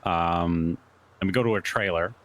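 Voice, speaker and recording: A man's voice: low voice, moderate pace, a bit bright. A man in a roleplay game, recounting events in a rambling way full of fillers. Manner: rambling, lots of likes and uhs. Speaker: roleplay player.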